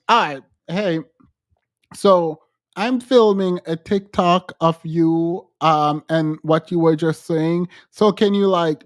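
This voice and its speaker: A man's voice: sits high, a little mellow, no echo, studio quality. A man co-hosting a podcast, mocking a clip in casual commentary and laughing often. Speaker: podcast co-host.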